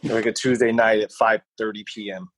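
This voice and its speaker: The speaker is a young podcast co-host with a fairly low voice and moderate pace, animatedly telling a rambling personal story and voicing other people's lines. The recording is low quality, though echo-free.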